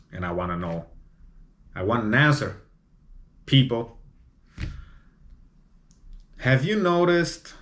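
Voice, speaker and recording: A man's voice: low voice, fairly bright tone. A man hosting a solo podcast, talking bluntly and opinionatedly, often tacking on "you know?". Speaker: podcast host.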